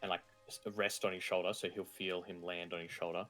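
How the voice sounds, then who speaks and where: Very deep, flat Australian player. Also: male voice, brisk, soft background music. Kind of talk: tabletop game play.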